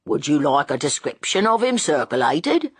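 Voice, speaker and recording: A woman's voice: sits low, sing-song, normal speed, husky, no room sound, exaggerated voice. A woman voicing an easygoing, good-natured young man with a casual manner. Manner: casual, cheerful.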